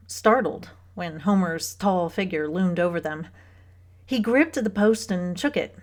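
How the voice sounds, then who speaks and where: Here a woman narrates a novel as an audiobook reader, her mid-range voice carrying a calm, even storytelling rhythm through the scripted text.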